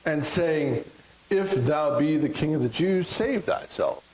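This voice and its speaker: Middle-aged Texan man, pastor mid-sermon in church; animated, joking, does crowd voices, high and lively. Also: a little slow, low-quality recording. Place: church sanctuary.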